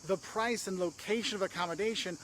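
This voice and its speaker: Fast, high-voiced man giving travel tips. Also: slight background noise. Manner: energetic, emphatic, acts out tourists in quoted voices. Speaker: travel video host. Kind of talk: travel advice vlog.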